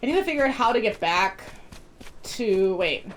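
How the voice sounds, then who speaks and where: A woman's voice: medium pitch, very animated, normal speed, a little hiss or hum. A woman streaming a video game, chatting casually in a rambling way and laughing often. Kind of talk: casual chat while gaming.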